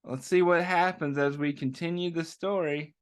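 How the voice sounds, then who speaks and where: A man hosting a children's story time, reading a picture book aloud and asking the kids gentle questions as he goes. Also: a little high, steady tone, moderate pace, clear, resonant tone.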